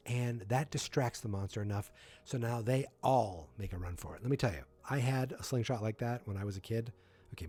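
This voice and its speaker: A man's voice: mid-range voice, a little mellow, breathy edge. A man hosting a podcast, recapping an episode in a casual, rambling way with personal asides. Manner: chatty, rambling storyteller with asides. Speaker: podcast host.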